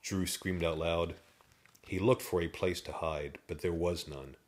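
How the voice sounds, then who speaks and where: A man reading a children's storybook aloud in an expressive, dramatic way. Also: low-pitched, a little slow.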